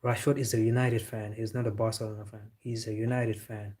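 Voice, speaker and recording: A man's voice: on the low side, flat delivery, fairly quick, a little mellow. A man hosting a live football reaction stream, chatting casually and answering viewers with strong opinions. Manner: opinionated, replying to chat.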